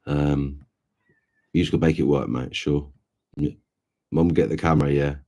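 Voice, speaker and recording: A laid-back male streamer with an extremely deep voice. He chats casually and without hurry with his viewers, and his tone stays low-key. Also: fairly even intonation, moderate pace, warm tone. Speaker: streamer host. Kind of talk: casual live stream chat.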